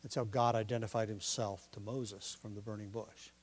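A pastor preaching a sermon, explaining the text from his notes and pressing his listeners with forceful questions. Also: fairly low pitch, level tone, moderate pace, slightly rough. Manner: teaching from notes, explains word meanings.

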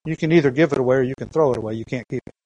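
A man's voice: medium pitch, rapid-fire, darkish tone, highs cut off. A man preaching a sermon, teaching earnestly with rhetorical questions and emphatic repetition, reading scripture aloud. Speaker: pastor.

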